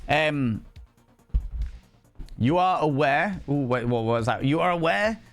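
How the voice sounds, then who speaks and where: A man chatting casually with viewers as a livestream host, playful and theatrical, swearing freely and swinging between shouts and hushed asides. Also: fairly high pitch, animated, takes it slowly, faint music behind.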